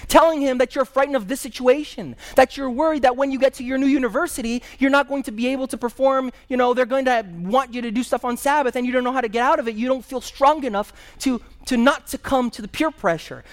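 A man's voice: very high voice, fairly even intonation, fast talker, hardly any pauses. A male pastor preaching a sermon in a conversational storytelling manner, with personal asides.

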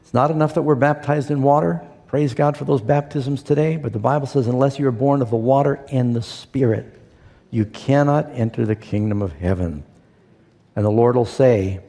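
Male preacher, mellow gravelly voice, storytelling sermon with acted-out quotes, church hall reverb. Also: mid-range voice, moderate pace, faint music behind. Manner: storytelling with acted-out quotes, asks the congregation questions. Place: church sanctuary.

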